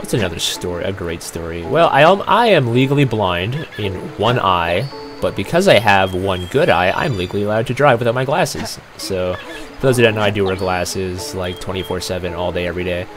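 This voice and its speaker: A man's voice: deep voice, expressive, fairly quick, music in the background. A young Canadian man hosting a let's play, telling rambling stories in casual, laid-back commentary.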